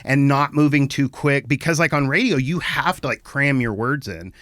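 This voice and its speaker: A man's voice: mid-range voice, moderate pace, fairly bright tone, dry recording, clean studio sound. A man hosting an interview show, asking eager, upbeat questions and laughing along. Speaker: podcast host, interviewer. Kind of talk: casual interview chat.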